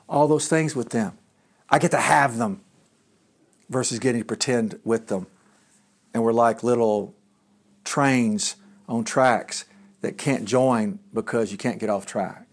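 Middle-aged male pastor, mid-pitched voice, loose conversational sermon full of restarts and asides.

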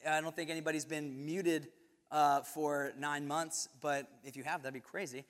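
A man's voice: a little high, fairly even intonation, normal speed, fairly bright tone. A young man giving a casual sermon to a youth group, conversational and self-correcting with touches of light humor. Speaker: youth ministry speaker. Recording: reverberant hall.

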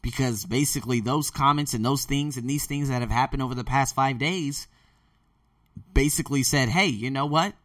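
Man, podcast host, blunt energetic pep talk, bright tense tone, dry sound. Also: mid-range voice, moderate pace, no echo, distant mic. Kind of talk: motivational podcast monologue.

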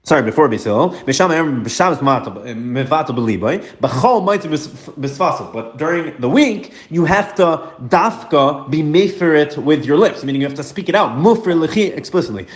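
A man giving a Talmud lesson, explaining the text quickly and mixing English with Hebrew and Aramaic terms. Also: on the high side, lively intonation. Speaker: Talmud teacher. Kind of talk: daf yomi Gemara lesson. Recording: echoey room.

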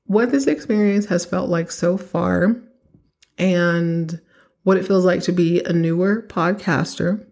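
A woman's voice: lowish voice, measured pace, gravelly, darkish tone. A young woman from Texas hosting her own podcast, chatting casually and giving emphatic advice straight to her listeners. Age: young adult. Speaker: podcast host. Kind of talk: casual solo podcast monologue.

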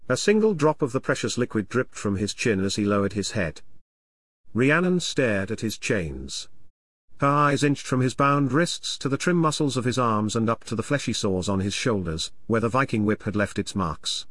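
A man narrating an audiobook in an expressive, measured storytelling manner. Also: medium pitch, dry recording.

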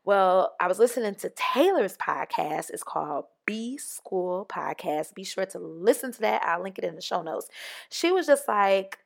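A woman talks through a solo podcast episode in a casual, chatty way. Her delivery is animated and full of little acted-out voices, at an average pitch for a woman. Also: moderate pace, vocal fry. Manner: animated, acts out quoted voices, conversational. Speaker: podcast host.

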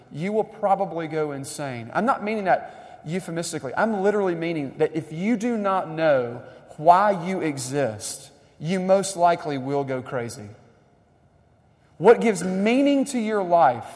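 A young adult man preaching a sermon in a conversational, animated way, building up emphasis. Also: sits high. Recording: long reverb of a large hall.

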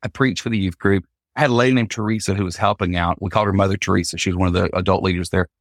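A low male voice, delivered very fast, comes through clean studio sound without echo. It belongs to a Christian singer on a podcast who is animatedly telling a personal story and playing out the people in it.

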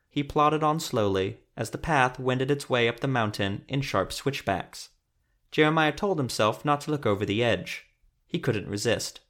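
A male narrator reads a fantasy story in a measured, steady way. His voice sits in the middle of a man's range and keeps an even pace. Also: medium pitch.

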